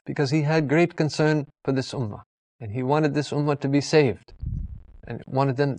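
This man's voice sits on the high side with a darkish tone. Preaching earnestly, he circles back to key phrases and attaches pious formulas to the names he mentions.

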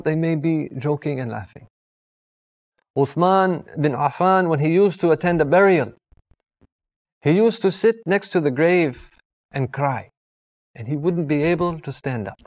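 A man's voice: fairly high pitch, darkish tone. A man giving an earnest religious talk, repeating key phrases and adding pious blessings after names. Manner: earnest, repetitive, with pious formulas. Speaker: preacher. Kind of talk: sermon.

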